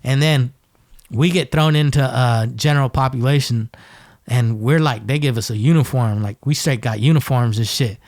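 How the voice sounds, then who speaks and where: A man's voice: mid-range voice, normal speed, no echo, studio quality. A man from Northern California telling jail stories as a podcast guest, swearing a lot and acting out the people in them. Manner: profane, animated, acts out voices in his stories. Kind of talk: casual storytelling.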